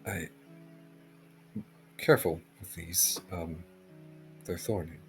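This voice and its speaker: Shy stammery smoke-and-ember guy, a man voicing him, low and real slow. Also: creaky, faint music behind, exaggerated voice. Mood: nervous. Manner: stammering, hesitant. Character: shy nervous male ember-and-smoke being.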